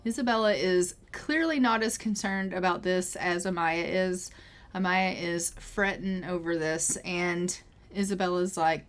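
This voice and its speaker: A woman's voice: fairly low pitch, fairly even intonation, a little slow. A woman narrating her life-simulation game as a story, describing what her characters do in a chatty, easygoing play-by-play. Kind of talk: storytelling gameplay commentary.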